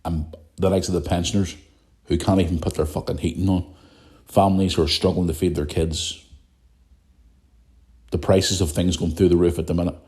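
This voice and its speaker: A man's voice: deep voice, flat delivery, normal speed, long pauses, darkish tone. A Northern Irish man in his thirties hosting a solo podcast, speaking bluntly, swearing and repeating himself, with a sore throat. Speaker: podcast host. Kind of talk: solo podcast rant and listener questions.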